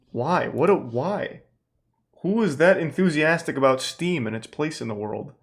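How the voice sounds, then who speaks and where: A man's voice: fairly high pitch, lively intonation, normal speed. A man streaming live, reacting to a video with sarcastic, swearing, incredulous commentary and reading out thanks to subscribers. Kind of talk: casual livestream commentary.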